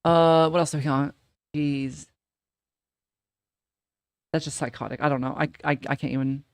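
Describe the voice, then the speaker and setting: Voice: medium pitch, steady tone, normal speed, dry recording, studio quality. A streamer in casual reaction commentary, reading posts aloud and ranting about them in a profane, incredulous way with lots of repeated phrases.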